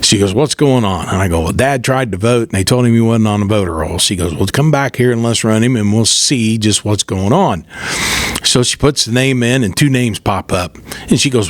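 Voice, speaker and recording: A man's voice: medium pitch, expressive, normal speed, no echo. A middle-aged man, hosting a podcast and telling a rambling, folksy story, raising his voice when he retells what people said. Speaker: podcast host. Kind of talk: casual storytelling monologue.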